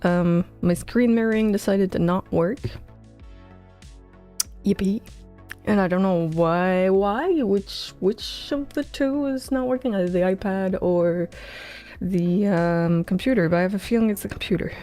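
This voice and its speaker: A woman who develops games chats casually on her livestream, her medium-pitched voice warm and measured. She's coding, sounds worn out, and her talk wanders with self-mocking humor, picked up close by a headset mic while faint music plays.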